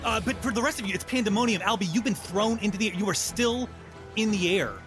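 A man's voice: high-pitched, over music. Playful man running a tabletop game. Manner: playful, quick to do little voices. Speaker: game master.

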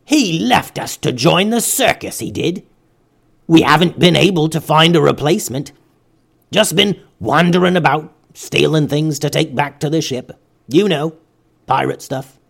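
A man voicing a humble, rowdy male pirate in a high, loud put-on voice. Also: a little slow, vocal fry, full character voice. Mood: pleading, sheepish.

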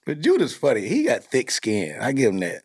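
A man, a comedian and dad hosting a podcast, telling stories in a casual, animated way with plenty of cursing. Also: mid-range voice, a little fast, slightly rough. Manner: animated storytelling, cursing freely. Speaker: podcast host; comedian and father.

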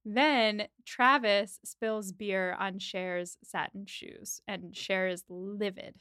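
A woman's voice: medium pitch, slow pace, clear, resonant tone, no echo, clean studio sound. A woman co-hosting a podcast, casually recapping a movie scene by scene and acting out the characters' lines. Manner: animated retelling with quoted voices, frequent laughs. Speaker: podcast co-host. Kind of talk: casual chat recapping a film.

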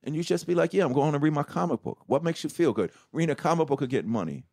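Animated man telling his story. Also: a little high, very fast. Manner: animated, swearing, acts out quotes. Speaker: guest. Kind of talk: candid interview storytelling.

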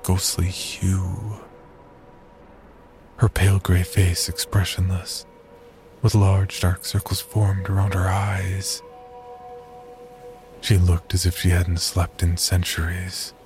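A man reads a horror story in a very low voice that barely moves in pitch. His delivery is slow, measured and somber, with faint music playing underneath. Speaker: narrator. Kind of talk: scripted horror story narration.

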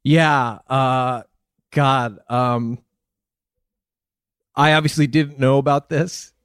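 Male podcast host, deadpan mock-outrage, average pitch, dry close sound. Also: slow pace, clear, resonant tone, no echo. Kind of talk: comedic podcast banter.

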